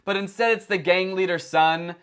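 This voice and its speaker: A man doing comedic commentary on videos in a sarcastic, mocking way with deadpan asides. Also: sits high, normal speed, smooth. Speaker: comedy YouTuber.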